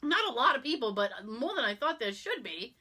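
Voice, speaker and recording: A woman co-hosting a podcast tells everyday stories in casual chat, acting out the people in them. Her voice sits a little high and has a bright, forward ring. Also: brisk. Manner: animated, acts out quoted people. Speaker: podcast co-host.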